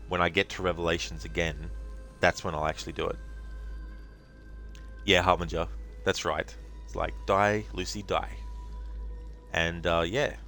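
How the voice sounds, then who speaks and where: A man's voice: sits low, a bit bright. A man streaming a game live, chatting casually and rambling with plenty of fillers while thanking his viewers.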